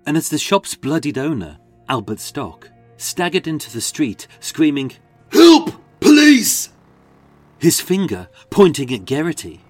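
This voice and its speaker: Male narrator for dramatic crime storytelling, mid-pitched, very expressive intonation. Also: normal speed, few pauses, slightly rough, no echo, faint music behind. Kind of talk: scripted true-crime narration.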